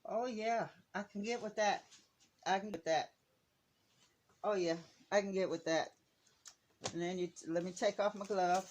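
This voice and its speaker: A woman from Detroit talking casually to her viewers while painting, telling stories in a slow, chatty way. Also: fairly low pitch, a little mellow, a little hiss or hum. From Detroit, USA. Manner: slow, chatty storytelling with Southern-style slang. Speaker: vlogger. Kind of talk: casual chatty craft video.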